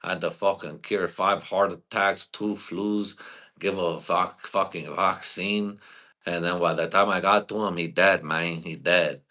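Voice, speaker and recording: A man's voice: deep voice, steady tone, measured pace, sharp tone. A man hosting his own live stream, rambling through profane comedy bits and trailing off into "you know?". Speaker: host.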